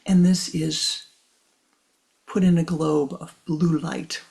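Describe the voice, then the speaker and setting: An older woman giving a spiritual teaching, soft-spoken and often half-whispering, repeating her points for emphasis. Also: sits low, fairly even intonation, slow pace, creaky.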